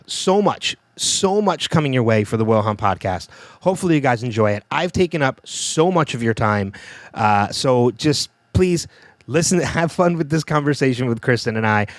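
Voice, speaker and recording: A man's voice: a little high, dry recording. Man hosting a podcast, dry sound. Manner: relaxed, rambling promo with fillers. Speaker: podcast host. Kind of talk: casual podcast chat.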